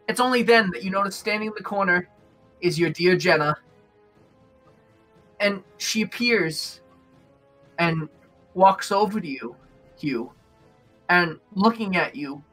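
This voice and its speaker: Slow, bright-voiced male game master. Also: high-pitched. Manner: descriptive, hesitant with fillers. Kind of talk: narrating a tabletop game.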